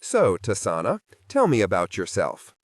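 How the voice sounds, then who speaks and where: Samarin, a gentle, soft-spoken man of magic, voice low and smooth with a wide, lively lilt, courteous even when worn thin by patience, as a male narrator puts him on. Dry, close sound. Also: normal speed, no echo.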